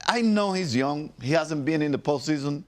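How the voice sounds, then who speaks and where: A man, a former pitcher working as an analyst, talking emphatically in a studio sports discussion and often repeating himself. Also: lively intonation, normal speed, darkish tone.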